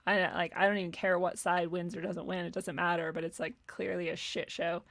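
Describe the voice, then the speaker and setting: Sarcastic, bright-voiced woman ranting. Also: lowish voice, flat delivery, a little fast, creaky. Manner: sarcastic, exasperated, profane, laughs often. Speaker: commentary podcast host. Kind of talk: ranting commentary.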